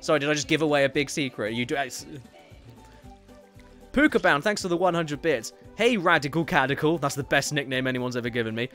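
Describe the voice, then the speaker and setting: A man chatting casually during a live game stream and reading viewer messages aloud with quick asides. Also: on the high side, a bit bright. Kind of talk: casual live-stream chat while gaming. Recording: faint game music behind.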